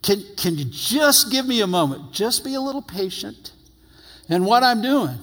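Preacher doing patient Jesus, high, earnest, husky, long hall reverb. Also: male voice, expressive, moderate pace, fairly bright tone, full character voice. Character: patient gentle Jesus, grown man, calmly reassuring.

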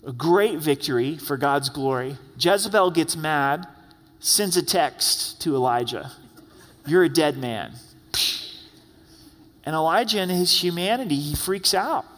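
A man's voice: fairly high pitch, expressive, moderate pace, a bit bright, long reverb tail. A man preaching a sermon as pastor in a conversational style, often acting out the words of the people he quotes. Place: church sanctuary.

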